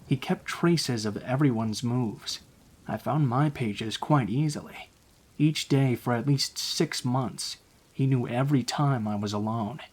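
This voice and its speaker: A man narrating true horror stories in a calm, low-key scripted reading.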